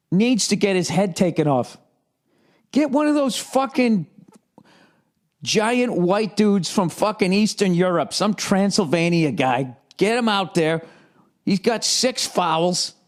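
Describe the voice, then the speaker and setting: A middle-aged male comedian riffs alone, swearing freely and bouncing between mockery and disbelief. His voice sits a touch high for a man, and it jumps even higher when he mimics people. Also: normal speed. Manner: profane, animated, mocking. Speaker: comedian and podcast host. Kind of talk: casual rant.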